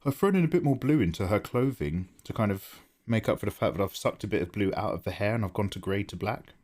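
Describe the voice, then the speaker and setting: A man's voice: lowish voice, expressive, fast, darkish tone. A man chatting casually on a live stream while he draws, thinking aloud and greeting viewers by name. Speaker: livestreaming artist.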